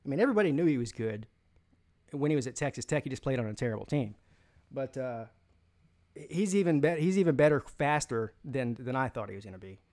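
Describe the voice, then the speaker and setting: An opinionated man hosts a live sports stream, reading viewer comments aloud and answering them. His mid-pitched voice rambles through restarts and filler words as he talks. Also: darkish tone. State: has the hiccups. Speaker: sports channel host.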